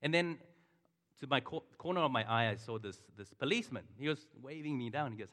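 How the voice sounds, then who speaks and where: A middle-aged pastor's sermon centers on a personal story told in a chatty way, with side remarks to the congregation. He speaks at medium pitch, briskly, in a pushed, bright voice, and the church hall adds a long reverb.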